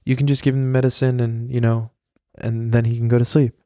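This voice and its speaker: A man's voice: medium pitch, level tone, quick pace, dark tone, dry recording, studio quality, lightly acted. A man imitating a friend's nosy mother who keeps asking questions. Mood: reassuring.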